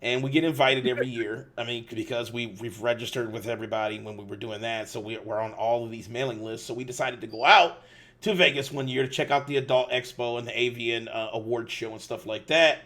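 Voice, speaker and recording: A man hosting a podcast, telling a story in casual, animated speech full of swearing and restarts. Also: medium pitch, fast. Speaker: podcast host.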